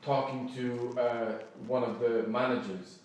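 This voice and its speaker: A man's voice: medium pitch, a little slow. Agitated man telling a story in an echoey room. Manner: animated, acts out quoted dialogue, restarts often. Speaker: person recounting an incident. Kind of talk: agitated first-person storytelling. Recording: echoey room, distant mic, faint noise.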